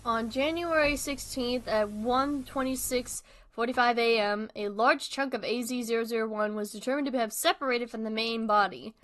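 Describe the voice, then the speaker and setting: A woman's voice: fairly high pitch, moderate pace, fairly bright tone. A young woman streaming a horror game. She reads the on-screen text aloud and rambles in a casual, self-deprecating way while eating dinner.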